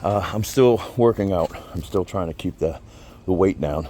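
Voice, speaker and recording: A man's voice: sits low, moderate pace, warm tone, slight background noise. Folksy man, casual talker, friendly reviewer of a gear product. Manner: chatty, folksy, repeats himself. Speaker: product reviewer, channel host. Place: outdoors by a vehicle, then indoor man cave.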